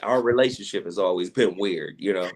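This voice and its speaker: A man from Tennessee, a radio personality, telling a story in a casual interview, animated, slangy and profane, acting out what people said. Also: low-pitched, fairly quick. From Chattanooga, Tennessee, USA. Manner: animated storyteller who acts out quoted dialogue, with slangy profanity. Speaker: radio personality and podcast guest.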